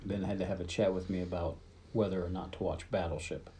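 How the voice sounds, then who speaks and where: A man's voice: deep voice, fairly even intonation, fast, mellow. Man telling a dry anecdote on a podcast. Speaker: podcast panelist. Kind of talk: casual movie podcast chat.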